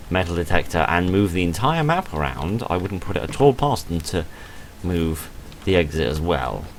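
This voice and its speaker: A man's voice: rumbling low, slight background noise. A man who says he is tired and half asleep, hosting his gaming video in a rambling, chatty commentary full of self-mocking asides. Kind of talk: casual gameplay commentary.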